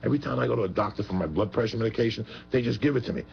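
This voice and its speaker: A man who rattles off rambling, profane rants at speed. His voice is gravelly and rough. It comes through a muffled radio recording with a faint hum. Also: mid-range voice, rapid-fire. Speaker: guest. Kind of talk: heated profane talk radio chat.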